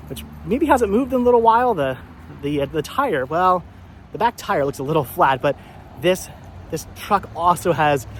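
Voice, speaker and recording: A male vlogger talking excitedly outdoors at a roadside car wash, repeating himself and laughing often as he shows things to the camera. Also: on the high side. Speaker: vlogger host. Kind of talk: casual vlog narration. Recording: outdoor recording with faint road noise. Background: faint traffic and honking.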